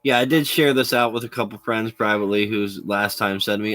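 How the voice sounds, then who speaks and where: A man's voice: lowish voice, fairly even intonation, quick pace, a bit bright, dry recording. Rambling man chatting on a stream. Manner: rambling, chats with viewers, laughs often. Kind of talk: casual live-stream chat.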